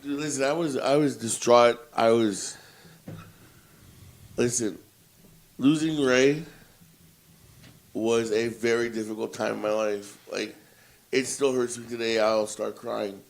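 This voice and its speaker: A man co-hosting a podcast, telling a story in a casual, profane, animated way and acting out his own reactions. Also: mid-range voice, takes it slowly, gravelly, long pauses. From Italian family background. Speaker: podcast co-host.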